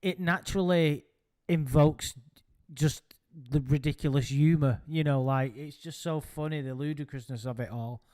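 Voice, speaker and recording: A man's voice: fairly high pitch, moderate pace, dark tone, dry recording, clean studio sound. A man hosting a casual chat, rambling and hesitant with frequent ums. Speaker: podcast host.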